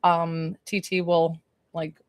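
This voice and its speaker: A woman's voice: on the low side, little pitch movement, slow pace, clean tone, dry recording. Gushing woman psychic, dry close sound. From New York. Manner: gushing, laughs often, talks to viewers. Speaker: psychic medium. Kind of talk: livestream reading chat.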